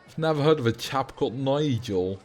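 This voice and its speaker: A man's voice: medium pitch, expressive, a little fast, a little mellow, soft background music, close to an everyday voice. A man putting on a blustery brawling British bloke. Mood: belligerent. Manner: blustery, picks fights, mock slang.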